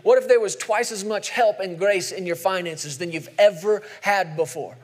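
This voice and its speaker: Male pastor, sermon, high voice, emphatic, asks the room questions, drags out scripture lines. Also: moderate pace.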